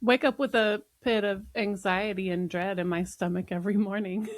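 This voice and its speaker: A woman's voice: mid-range voice, dry recording, studio quality. Reflective woman podcast co-host. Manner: warm, laughing, reflective. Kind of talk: casual podcast conversation.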